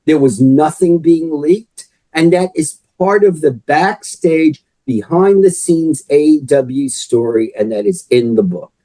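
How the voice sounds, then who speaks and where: An author and wrestling historian guests on a podcast, speaking in a fairly high, expressive voice with a dark tone, unhurried yet with hardly any pauses. The recording is rough with no room sound, and he's chatty and explanatory, saying "you know" often.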